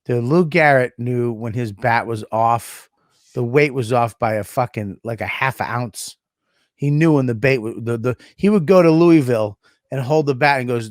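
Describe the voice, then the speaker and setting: A man's voice: mid-range voice, animated, unhurried, dry recording, clean studio sound. A man co-hosting a podcast in casual chat, profane and rambling with frequent restarts. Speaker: podcast co-host.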